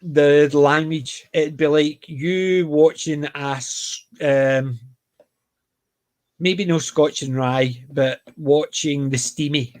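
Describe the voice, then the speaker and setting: A man's voice: a little high, steady tone, slow pace. A Scottish man with a light Glaswegian accent, chatting casually on a panel and retelling stories. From Scotland. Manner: chatty, storytelling with repeated phrases. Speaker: panel host. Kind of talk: casual chat.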